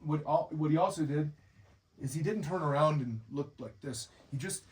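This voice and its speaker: A man's voice: on the high side, normal speed, distant mic, rough recording. A man giving an informal training lecture to bear viewing staff, explaining behavior and acting out what bears and guides might say. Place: lodge room with a group.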